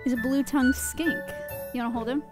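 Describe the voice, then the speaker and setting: A woman's voice: high-pitched, steady tone, fast, loud music behind the voice. A young woman hosting an animal visit, explaining facts casually and teasing her guest. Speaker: sanctuary host, animal keeper.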